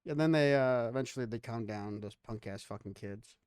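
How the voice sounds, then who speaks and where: A man's voice: medium pitch, fairly quick, a little mellow, clean tone, no room sound, studio quality. A man hosting a podcast, bantering casually with jokes and a lot of swearing. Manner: joking, profane banter. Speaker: podcast host.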